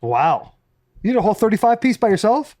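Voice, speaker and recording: A young man joining a podcast out of breath, chatting and joking in an animated way. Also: high voice, fairly quick. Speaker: podcast co-host. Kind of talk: casual chat.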